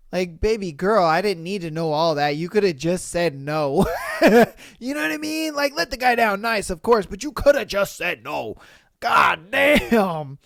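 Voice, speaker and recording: Animated, profane podcast host. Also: mid-range voice, measured pace, no room sound, clean studio sound. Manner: animated, profane, laughing reactions. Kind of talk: comedic commentary reading online posts.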